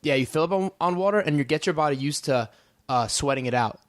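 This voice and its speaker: A young man with a North Jersey accent, a professional fighter guesting on a podcast, chats casually and tells stories in loose, rambling bursts full of restarts. His voice is a little high and expressive, his pace quick, and the recording is clean studio sound with no echo.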